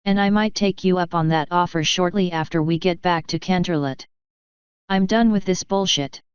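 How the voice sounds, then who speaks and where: A woman's voice: fairly low pitch, normal speed, smooth, no echo, muffled recording, lightly acted. A woman voicing a blunt, crude young swordswoman with a dry way of talking.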